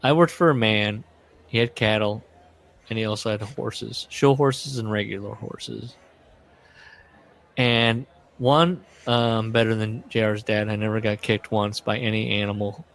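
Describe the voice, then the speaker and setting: A man's voice: lowish voice, steady tone, unhurried, creaky, fairly bright tone. A man co-hosting a casual podcast, reading book passages aloud and rambling through joking asides. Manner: rambling, self-interrupting. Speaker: podcast co-host. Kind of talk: casual book-club chat.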